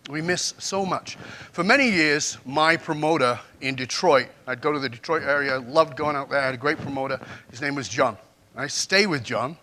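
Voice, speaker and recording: Bright-voiced man giving a keynote. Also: medium pitch, normal speed. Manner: storytelling, asks the audience questions. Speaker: keynote speaker. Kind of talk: motivational keynote talk. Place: conference stage before a live audience.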